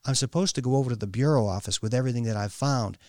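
A man voicing a flustered, earnest young woman in an audiobook, his voice lifted higher, talking in a hurried rush. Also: a little mellow, no room sound, clean studio sound, lightly acted. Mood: brisk.

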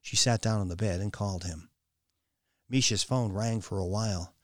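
A man narrating a novel, with an expressive, swooping delivery. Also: on the low side, normal speed, no echo, studio quality. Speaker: audiobook narrator. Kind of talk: scripted narration.

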